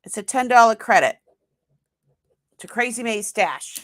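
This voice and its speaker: Live sale host, woman, Boston accent, slow and chatty. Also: a little high. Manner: chatty, talks to herself while working the screen; excited squeals when announcing a winner. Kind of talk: live-stream chat.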